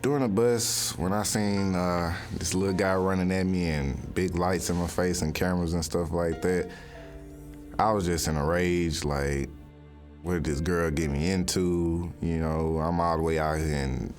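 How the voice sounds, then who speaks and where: A man's voice: sits low, fairly even intonation, moderate pace, darkish tone, faint music behind. A man telling his side of a story in a sit-down interview, rambling loosely.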